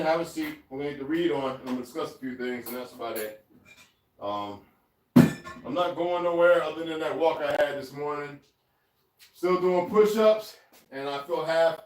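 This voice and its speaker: In a relaxed, rambling kitchen vlog, a man chats with viewers, laughs a lot, and addresses his cat as he hunts for something. He has a fairly high pitch and is far from the microphone, giving a roomy, off-mic sound with faint noise.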